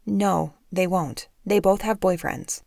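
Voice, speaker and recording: A woman voicing a withdrawn, bookish eleven-year-old girl in an audiobook, speaking softly and subdued. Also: lowish voice, slow pace, vocal fry, no echo, clean studio sound. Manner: soft, subdued.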